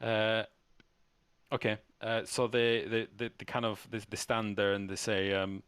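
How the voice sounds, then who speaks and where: A man narrating a tabletop game as game master, halting and often restarting. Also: fairly low pitch, flat delivery, a bit bright, smooth, no echo.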